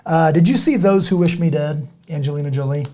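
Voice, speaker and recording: A middle-aged man hosting a podcast in casual chat, rambling and halting, with many restarts and fillers. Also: a little high, warm tone. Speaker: podcast host.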